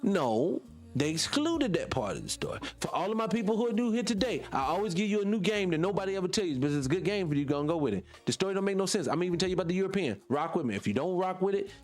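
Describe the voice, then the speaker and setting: A man with a Southern US accent hosting a radio show, talking off the cuff in an animated, preachy way, firing rhetorical questions and swearing casually. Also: high-pitched, rapid-fire, faint music behind. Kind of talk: off-the-cuff monologue.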